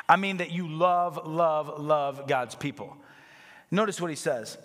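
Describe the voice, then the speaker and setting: A male pastor preaches with mounting passion, his voice sitting a little high for a man. His words ring out with a long reverb, as if he is recorded in a large hall. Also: fairly bright tone. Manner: impassioned, building to emphatic peaks. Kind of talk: sermon.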